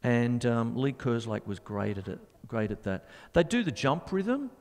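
A man's voice: medium pitch, expressive, a little slow, darkish tone, in a large hall. A middle-aged man hosting a live drum show, chatting in a rambling way and scatting drum rhythms. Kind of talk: casual live-stream chat and drum demonstration.

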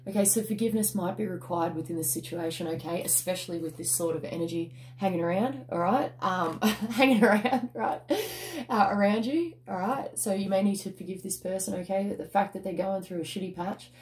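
A woman's voice: medium pitch, normal speed, a little hiss or hum. A woman giving a casual tarot reading, chatty and emphatic with mild swearing and a habit of ending lines with "okay?". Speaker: tarot card reader.

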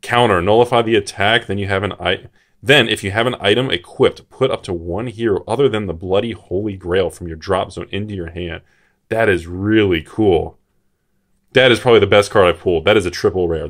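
A man hosting a card-collecting channel, talking excitedly to his viewers as he opens a booster box and reacts to each card. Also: lowish voice. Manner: excitable, full of exclamations; chatty, addresses viewers directly. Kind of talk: booster box opening commentary.

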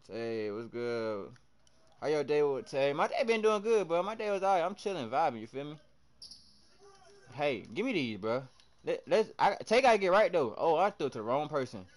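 A young man streaming live, excitably commenting on his game, shouting at teammates and chatting with viewers in heavy slang. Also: on the high side, normal speed. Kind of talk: live gameplay commentary and chat reading.

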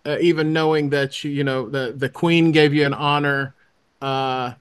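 A man's voice: on the high side, steady tone, normal speed, clear, resonant tone, dry recording. A man interviewing a guest in a casual, hesitant way, often stammering as he starts. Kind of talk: interview conversation.

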